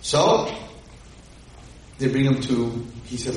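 A man giving a lively, dramatic Torah lecture, retelling and translating a story verse by verse, recorded from a distance in an echoey hall. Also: medium pitch, measured pace, a little hiss or hum.

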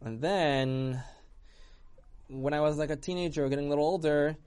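Man doing older male painter, remorseful, earnest, confessional, slightly high voice. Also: fairly even intonation, moderate pace, a little mellow, clean tone, close to an everyday voice.

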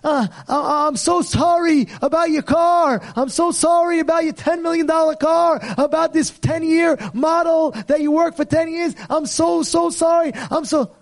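A man's voice: extremely high pitch, steady tone, moderate pace, vocal fry, hardly any pauses, pitched above the performer's own voice. A man voicing a young son who keeps apologizing to his father. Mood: apologetic. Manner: pleading, repeating apologies. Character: sorry teenage son who wrecked the car.

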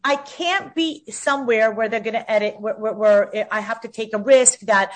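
Emphatic woman in her fifties, a combative and outspoken guest, her voice pitched a little high. She pushes her points hard and doubles up words when she gets heated. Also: moderate pace. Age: 50s. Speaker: interview guest. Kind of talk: outspoken interview talk.

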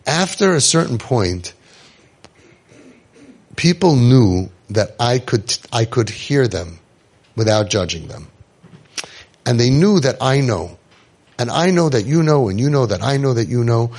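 Guy with a gravelly voice doing an inspirational talk, joking around, acts out the people in his stories. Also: mid-range voice, a little mellow. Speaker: inspirational speaker. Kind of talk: storytelling talk to an audience.

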